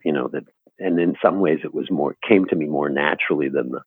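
A man's voice: a bass voice, fairly quick, husky, dry recording, narrow, tinny audio. A man guest telling anecdotes about his acting work in an interview, laughing often and poking fun at himself. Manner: laughing, storytelling, self-deprecating. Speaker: actor guest.

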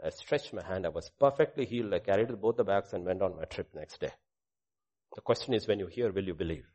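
A middle-aged male pastor preaching a sermon with a personal testimony, swinging between loud proclamation and hushed asides. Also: low-pitched, a little fast.

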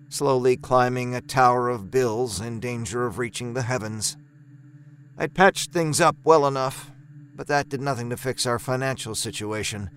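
A man narrating a first-person horror story in a measured, deliberate way, lingering on its imagery. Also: mid-range voice, fairly bright tone, slight background noise.

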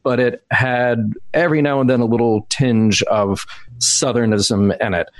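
A man's voice: mid-range voice, fairly even intonation, a little slow, no room sound. A man from the Southern US co-hosting a live show, easygoing and chatty. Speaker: podcast co-host. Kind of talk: casual live-show chat.

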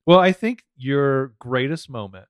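An American man co-hosting a podcast, chatting casually, swearing often and narrating scenes with quick laughs. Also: mid-range voice, expressive, clean tone, dry recording, studio quality. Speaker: podcast co-host. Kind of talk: casual recap chat.

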